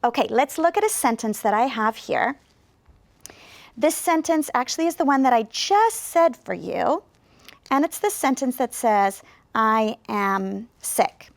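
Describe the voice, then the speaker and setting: Casting: high-voiced female ESL teacher, slow clear encouraging delivery. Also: very animated, no room sound. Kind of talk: video lesson to learners.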